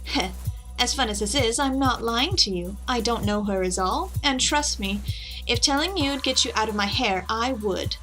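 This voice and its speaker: A woman's voice: fairly high pitch, normal speed, pushed and bright, faint music behind. A woman playing a video game, reading character lines aloud with playful commentary. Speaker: let's play host.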